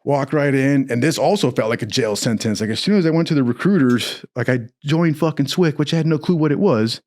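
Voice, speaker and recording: Profane, animated young man telling a story. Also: medium pitch, a little fast. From Southern California. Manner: profane, animated, acts out quotes in other voices. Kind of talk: casual storytelling.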